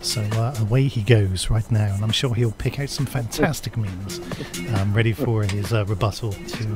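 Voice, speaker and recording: A man's voice: lowish voice, steady tone, moderate pace, over music. A man co-hosting a casual studio chat, talking with frequent stammering restarts. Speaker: co-host.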